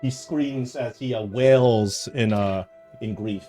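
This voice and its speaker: A man's voice: on the low side, fairly even intonation, slow pace, warm tone, faint music behind. A man narrating a tabletop game as game master, rambling through scenes with fillers and restarts.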